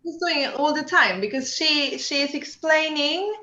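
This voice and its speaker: A woman's voice: high voice, normal speed, sharp tone. Female workshop teacher, chatty and explanatory; echoey, dull audio. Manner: chatty, explanatory, frequent fillers. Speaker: workshop instructor.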